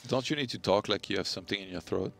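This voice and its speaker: A young Frenchman with a French accent breaks down an esports match in a lowish voice. He sounds relaxed and analytical and slips in dry jokes, with faint music playing behind him. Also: fast, gravelly. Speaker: esports co-commentator. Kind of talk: live game analysis, casual banter.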